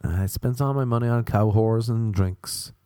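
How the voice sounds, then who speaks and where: A young man telling a rambling comic story with deadpan, self-mocking asides. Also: lowish voice, moderate pace. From Ireland.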